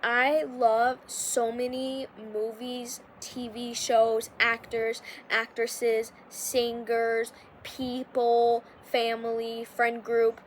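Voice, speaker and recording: A woman's voice: fairly high pitch, completely flat delivery, very slow, hardly any pauses, slight background noise. A young woman hosting a podcast, talking casually and rambling with lots of filler words and restarts. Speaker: podcast host. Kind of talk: casual confessional monologue.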